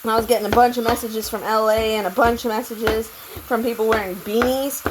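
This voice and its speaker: A woman's voice: on the high side, fairly even intonation, fairly quick, noisy background. A woman telling a long personal story in a meandering, repetitive way, swearing freely. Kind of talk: rambling personal monologue.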